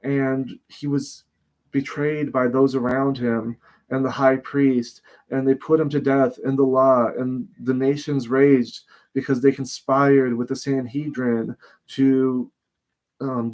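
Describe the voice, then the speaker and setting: A man's voice: mid-range voice, flat delivery, slow, darkish tone. A man giving informal bible teaching in a rambling way, with many restarts and acted-out quotes.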